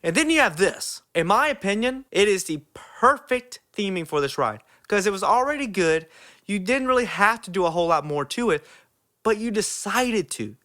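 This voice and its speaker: Bright-voiced enthusiastic young man. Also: high-pitched, lively intonation, moderate pace. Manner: enthusiastic, many "like" fillers. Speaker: theme park vlogger. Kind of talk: casual review to camera.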